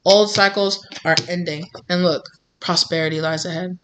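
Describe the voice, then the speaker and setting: A woman's voice: on the low side, steady tone, moderate pace, fairly bright tone. A woman giving a casual tarot reading in an encouraging, informal way, often repeating herself. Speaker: tarot reader.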